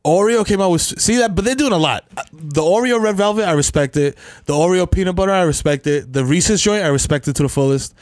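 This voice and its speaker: A man, co-hosting a podcast in casual comedic banter, loud and animated with sudden high exclamations. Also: fast, few pauses, no echo, studio quality. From the Bronx, New York. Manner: animated, bursts into high exclamations and silly sounds. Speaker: podcast co-host.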